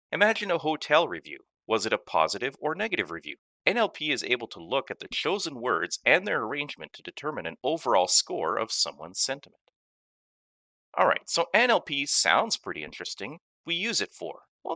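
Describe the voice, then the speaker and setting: A man with a bright, ringing voice and a lively, swooping delivery narrates a scripted tech lesson. He talks a little low and leans hard on key words. The sound is dry and close, with no room behind him. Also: no echo. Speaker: course instructor.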